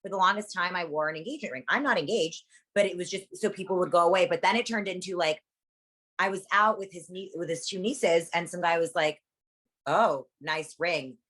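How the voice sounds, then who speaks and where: Fast-talking low-voiced young woman. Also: fairly bright tone. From lives in Las Vegas. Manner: blunt, profane storytelling. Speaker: interview guest. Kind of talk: casual chat.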